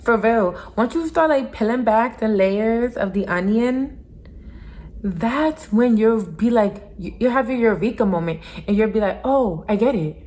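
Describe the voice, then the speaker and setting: A woman's voice: fairly high pitch, animated, measured pace, a little mellow. A young adult woman giving an earnest, casual motivational talk to camera as a vlogger, repeating her points for emphasis. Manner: earnest, repetitive, emphatic with little laughs.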